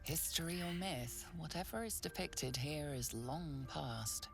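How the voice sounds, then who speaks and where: A woman voicing an ominous, knowing game narrator, speaking in a low, breathy tone with measured, solemn delivery. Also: soft background music. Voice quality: low gravelly voice with breathy whispered rhymes.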